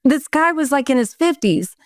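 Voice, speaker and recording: A middle-aged woman who is a podcast guest and home organizer, chatting in a lively, expressive way. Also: high-pitched, moderate pace, no echo, studio quality. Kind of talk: casual chat.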